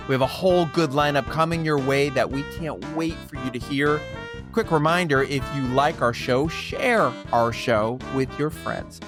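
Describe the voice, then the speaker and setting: A man hosting an upbeat podcast, enthusiastic and playful as he tells stories and welcomes guests. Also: on the high side. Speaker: podcast host.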